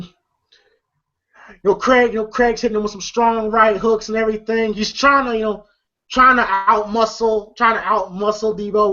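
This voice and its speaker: A man's voice: sits high, a bit bright. A man casually recapping a movie scene, rambling with lots of fillers, swearing freely and laughing often. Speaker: movie reviewer. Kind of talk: casual commentary. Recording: lo-fi dull audio.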